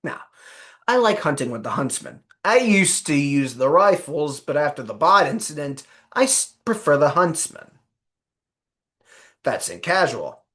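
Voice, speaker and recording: A man's voice: a little high, very animated, measured pace, a bit bright. A man narrating a casual video game guide in a put-on Australian accent, playful and rambling, often correcting himself mid-sentence.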